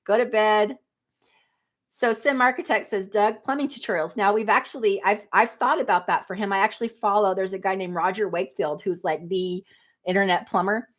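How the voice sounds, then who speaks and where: A woman in her fifties hosts a relaxed livestream. She talks casually and laughs often as she reads her viewers' comments aloud. Her voice sits at a middling pitch. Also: fairly quick. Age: 50s. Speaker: livestream host.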